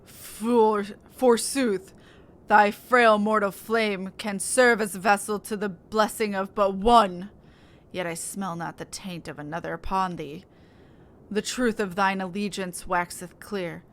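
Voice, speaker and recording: A woman's voice: medium pitch, steady tone, slow pace. A woman reading aloud the lines of a wrathful giant male fire god, with grand archaic proclamations. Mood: scornful. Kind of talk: reading game dialogue aloud.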